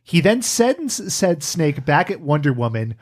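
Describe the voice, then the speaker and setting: A man co-hosting a casual podcast, recapping a cartoon with animated, laughing, profane asides. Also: fairly high pitch, unhurried. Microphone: studio podcast mic.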